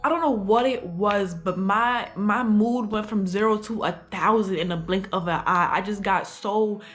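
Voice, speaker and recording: A woman's voice: mid-range voice, normal speed, fairly bright tone. A young adult woman telling a casual storytime for her vlog, talking in slang with lots of fillers. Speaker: vlogger.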